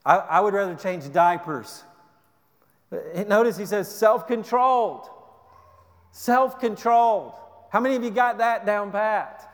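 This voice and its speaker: A man preaching a sermon as a pastor, earnest, repeating words and dropping to a soft low voice for emphasis. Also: normal speed, in a large hall.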